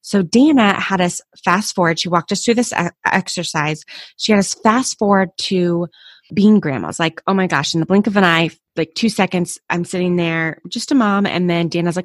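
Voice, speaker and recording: A woman's voice: fairly low pitch, moderate pace, dry recording, clean studio sound. A woman in her thirties hosting a motivational solo podcast, talking in a candid, personal and encouraging way. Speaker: podcast host.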